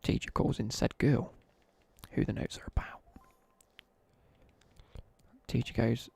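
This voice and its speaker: A man's voice: mid-range voice, flat delivery, measured pace, pauses often, warm tone, in a whisper. A young man chatting casually as a streamer, telling a rambling story with asides while he plays a game. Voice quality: gravelly, husky. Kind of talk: casual chat while gaming.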